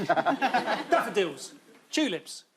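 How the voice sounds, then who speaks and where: A man on a comedy quiz panel in a television studio, tossing out quick, absurd joke answers and cutting in. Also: high voice, sing-song, background noise. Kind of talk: quick-fire joking guesses.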